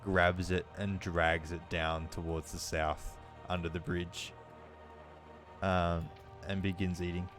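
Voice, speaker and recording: A man with a very low voice narrates a tabletop game as its game master. He tells the scene in a loose, relaxed way, pausing on fillers. Faint music plays in the background. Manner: relaxed storytelling with fillers and laughs.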